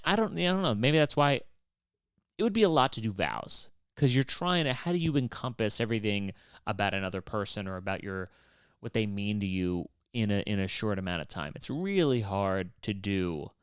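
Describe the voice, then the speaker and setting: A man's voice: fairly low pitch, animated, normal speed, smooth, no echo, studio quality. A man hosting a podcast, rambling in a loose, wry and profane way, with lots of fillers and restarts. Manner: wry and exasperated. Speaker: podcast host. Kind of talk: casual rambling monologue.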